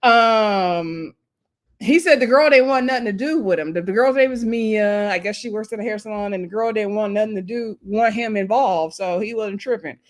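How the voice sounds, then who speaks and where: A woman's voice: medium pitch, moderate pace. Chatty woman recapping a TV episode. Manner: chatty, laughing storyteller who acts out quotes. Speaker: TV show reviewer.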